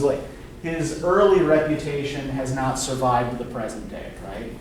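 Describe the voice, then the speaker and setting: A man's voice: mid-range voice, darkish tone, a little hiss or hum. A man lecturing a class on literature, talking conversationally with many fillers and tag questions. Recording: echoey classroom, mic far off.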